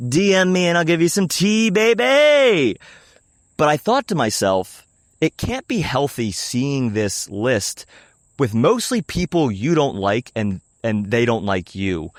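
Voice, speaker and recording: A young man sharing a confessional personal story, emotional and casually profane, shifting between hushed and animated. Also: on the low side, dry recording, studio quality. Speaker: podcast host telling a personal story.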